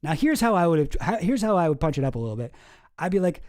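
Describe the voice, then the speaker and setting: A man's voice: fairly high pitch, big pitch swings, quick pace, a little mellow, no room sound, clean studio sound. A man hosting a casual comedy commentary, reading cartoon captions aloud in a wry, rambling way and slipping into silly voices. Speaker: host.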